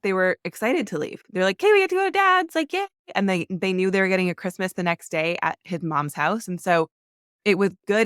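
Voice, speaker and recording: A woman's voice: on the low side, a bit bright, no echo, clean studio sound. A woman in her thirties, a podcast guest, telling her story candidly and earnestly, with many "like" fillers.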